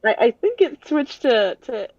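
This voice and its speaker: A woman's voice: on the high side, sing-song, measured pace, a little mellow. Chatty woman on a dull mic. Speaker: podcast co-host. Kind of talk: casual chat.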